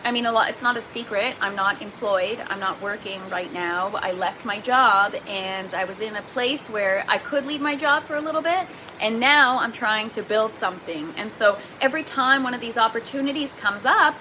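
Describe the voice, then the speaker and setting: A young adult woman with a Canadian accent, hosting a gardening livestream in an excitable, chatty way and reading viewer comments aloud. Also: a little high, a little hiss or hum, low-quality recording. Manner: excitable, chatty, quick to laugh.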